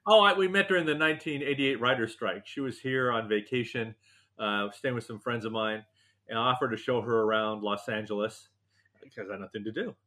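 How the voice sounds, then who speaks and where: A male writer being interviewed, telling animated, self-deprecating stories with jokes. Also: medium pitch, a little fast. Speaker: novelist and TV writer, guest. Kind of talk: interview, anecdotal storytelling.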